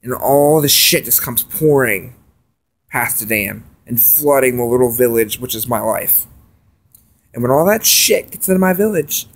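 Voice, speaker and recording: Gravelly man ranting late at night. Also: mid-range voice. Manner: profane, agitated ranting with loud and quiet swings. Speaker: vlogger. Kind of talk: late-night rant vlog.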